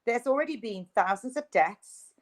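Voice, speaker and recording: A woman's voice: a little high, animated, normal speed, rough recording. A woman, a guest in an interview, speaking in an emphatic, insistent, ranting way. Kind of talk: video interview.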